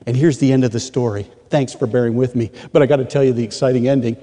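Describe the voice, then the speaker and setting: Pastor in an echoing hall. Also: male voice, medium pitch, quick pace. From rural Michigan, USA. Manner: animated storytelling, acting out quoted voices. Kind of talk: testimony sermon. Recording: long reverb of a large hall.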